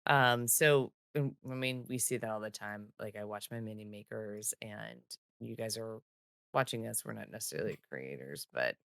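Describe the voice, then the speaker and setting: A woman co-hosting a podcast in casual, upbeat chat with quick asides. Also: a bass voice, creaky, a bit bright, no room sound, studio quality. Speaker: podcast co-host.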